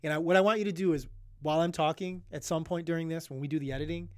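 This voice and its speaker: A young man with a fairly high voice, talking in a casual, earnest way that wanders and restarts often. He sounds emotional. The sound is close and dry, with no room echo. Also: steady tone, very fast, clean tone. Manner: earnest, rambling, many restarts and fillers. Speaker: podcast co-host. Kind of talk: casual podcast chat.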